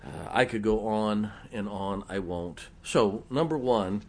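A man's voice: on the low side, slow, slight background noise. A middle-aged man preaching a sermon, telling folksy personal stories and putting rhetorical questions to the congregation.

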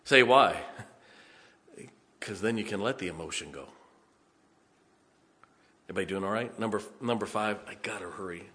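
A man's voice: lowish voice, moderate pace, pauses often, pushed and bright, big-room sound. A man preaching a sermon in a folksy way, often chuckling and checking on his congregation.

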